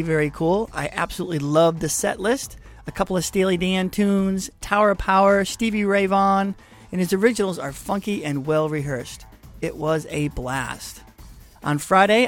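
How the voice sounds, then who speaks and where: A man hosting a home podcast, talking in a chatty, upbeat way with playful asides. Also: a little high. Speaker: podcast host. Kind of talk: casual podcast monologue. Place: home room with cats.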